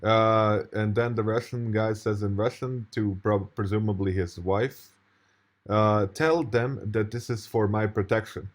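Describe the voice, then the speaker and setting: This man speaks a little slowly in a lowish voice with fairly even intonation. He rambles indignantly over a video he plays, swearing now and then, with restarts and laughs along the way.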